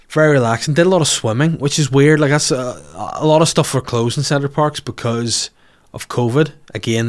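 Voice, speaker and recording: Northern Irish man telling comic stories. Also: medium pitch. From Northern Ireland. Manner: animated, swearing, acts out voices in quotes. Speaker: comedian podcast host. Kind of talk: comic storytelling.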